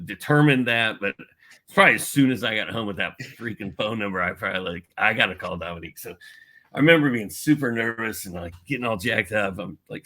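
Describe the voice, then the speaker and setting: A man's voice: lowish voice, bright, forceful tone. A middle-aged man from Indiana, a podcast guest animatedly telling a personal story and acting out the voices he quotes. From Indiana, USA. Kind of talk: storytelling in a casual podcast chat.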